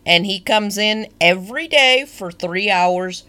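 A woman's voice: mid-range voice, unhurried, crowd noise. A young woman co-hosting a podcast, chatting casually and telling feel-good news stories with enthusiasm. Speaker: podcast co-host. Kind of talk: casual chat.

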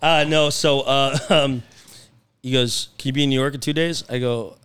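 A young man with an ordinary middle-pitched voice talks as a guest on a podcast. He tells his stories in a lively, animated way, putting on the voices of the people he quotes and laughing easily. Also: normal speed, clean tone. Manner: animated storyteller, acts out phone calls, laughs often. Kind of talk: casual storytelling chat. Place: podcast studio.

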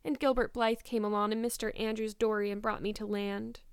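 A woman voicing an imaginative teenage girl, earnest and emphatic, sometimes quick and cold. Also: medium pitch, level tone, smooth, dry recording, clean studio sound, lightly acted. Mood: weary.

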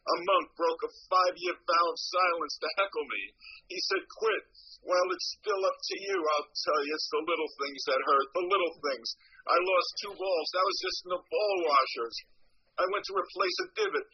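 Man impersonating a brash older comedian ghost, husky, high and lively pitch, rapid one-liners. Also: dull audio. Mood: wisecracking. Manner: rapid-fire one-liners with "I'll tell you" refrain. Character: brash older male comic ghost, self-mocking. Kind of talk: stand-up impression.

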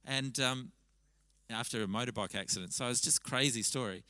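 A man preaching a sermon at a church service, talking conversationally and telling stories with lively restarts. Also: medium pitch, a little fast, dry recording, rough recording. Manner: conversational, animated storytelling with frequent restarts. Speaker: pastor.

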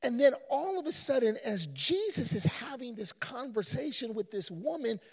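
A male pastor preaching a fervent sermon that rises to shouts, with drawn-out stresses, recorded in a church with long reverb. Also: extremely high pitch, very animated, slightly rough.

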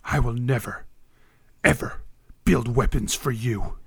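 A man voicing a defiant captive smith in a tabletop game, speaking in a lower, gruff, scornful voice. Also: measured pace, fairly bright tone, no echo, full character voice.

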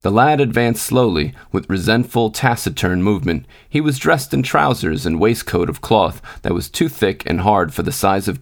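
A man with a fairly low voice narrating a literary short story in a steady, unhurried way. He reads as a podcast storyteller, measured and even. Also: creaky.

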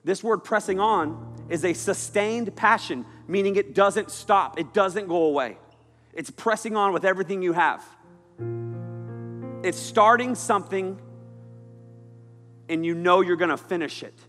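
A man preaching a lively, jokey youth sermon to a room of students. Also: high-pitched, unhurried, pauses often, soft background music. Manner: animated, jokey, shouting at times. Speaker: youth pastor. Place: church hall with audience. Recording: echoey hall.

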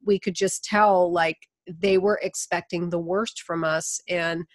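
A woman guest telling stories in a casual interview, animated and acting out the voices of people she quotes. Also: lowish voice, measured pace. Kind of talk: casual conversational storytelling.

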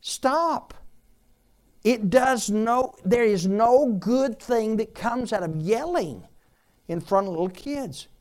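In an animated but slow delivery, a male pastor preaches with a freely rising and falling pitch. Rhetorical questions carry much of his sermon as he alternates between loud, urgent appeals and quiet, confiding asides.

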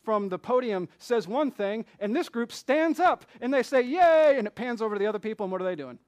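A fast-talking, animated pastor with a notably high male voice preaches conversationally, treating the congregation like friends. He rattles off rhetorical questions and jumps from quiet, hushed asides to loud and emphatic bursts.

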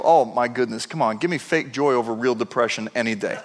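A man preaching a sermon, telling stories with animated emphasis and repeating words as he builds up. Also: medium pitch, fast talker, big-room sound, background noise. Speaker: pastor. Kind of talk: sermon storytelling.

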